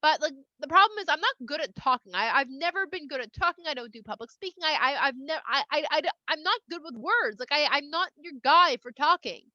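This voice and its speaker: A woman's voice: high voice, animated, a little fast, few pauses, bright, forceful tone, no room sound. A woman voicing Moses as an anxious, self-doubting young shepherd who stammers, on a slightly lo-fi recording. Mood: nervous.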